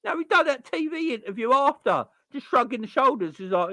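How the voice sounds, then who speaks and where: A man's voice: extremely high pitch, sing-song, brisk, fairly bright tone, no room sound. A man hosting a football fan channel, ranting in frustration and firing off repeated rhetorical questions. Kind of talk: fan reaction rant.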